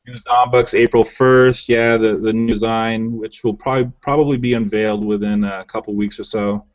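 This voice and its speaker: A man hosting a casual online hangout, reading through viewer comments in a relaxed, chatty way with plenty of fillers. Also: fairly low pitch, moderate pace. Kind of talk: casual live hangout chat. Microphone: video call. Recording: dull lo-fi web call audio.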